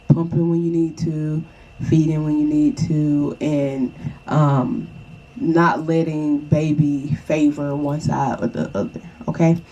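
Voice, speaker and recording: Young woman, casual vlog advice, mellow warm tone, reassuring, chatty. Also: low voice, lo-fi sound. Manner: chatty, reassuring, repeats "okay?" to the viewer. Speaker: vlogger.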